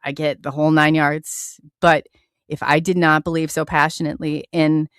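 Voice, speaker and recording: A woman hosts a live radio talk show, speaking with earnest passion and frequently restarting her sentences. Her voice sits fairly low. The sound is dry and close, with no room around it. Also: flat delivery, normal speed, clear, resonant tone, no room sound. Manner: impassioned and earnest, with many restarts.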